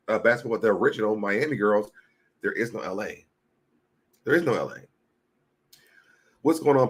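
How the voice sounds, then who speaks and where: A man's voice: fairly low pitch, a bit bright. A man hosting a casual commentary show, chatting to viewers as y'all and reading social media posts aloud. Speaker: commentary channel host.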